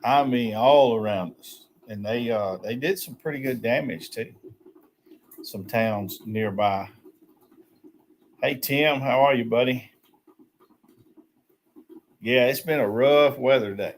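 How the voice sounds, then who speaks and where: A relaxed man talking casually over morning coffee, laughing easily and calling out hellos to viewers. His voice sits at an ordinary middle pitch and the talk rambles at an unhurried pace. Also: a little hiss or hum. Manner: easygoing, laughs often, greets viewers by name. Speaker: livestream host. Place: small shed used as a tiny house.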